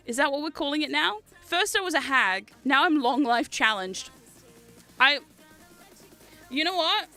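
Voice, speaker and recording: A woman in her thirties chats on her livestream in a high, sharply bright voice. She rambles through stories with frequent giggles and answers chat aloud, with faint music playing behind her. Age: 30s. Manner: chatty, giggly storytelling, reads chat aloud. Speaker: livestream host.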